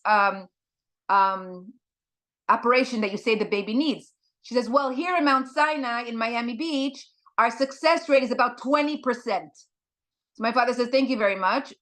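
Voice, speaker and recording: A woman giving a talk as a guest speaker, telling a personal story in an earnest, halting way with many fillers. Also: a little high, a bit bright.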